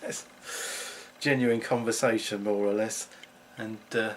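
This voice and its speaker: A man's voice: fairly low pitch, steady tone, measured pace, a little hiss or hum. A middle-aged man, chatting to camera at home in a rambling, self-mocking way. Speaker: vlogger. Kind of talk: casual chat to camera.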